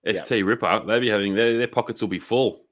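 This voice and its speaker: A man's voice: lowish voice, fairly even intonation, fast talker, a bit bright. A man with an Australian accent co-hosting a podcast in casual, rambling banter and swearing freely. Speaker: podcast co-host.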